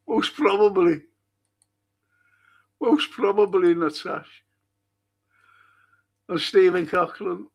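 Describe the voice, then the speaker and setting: Older male stream host with a Liverpool accent, gravelly and husky, unhurried, swears and laughs. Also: high-pitched, very animated. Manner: chatty storyteller, swears freely, laughs at own stories. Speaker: livestream host reading chat. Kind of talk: casual chat.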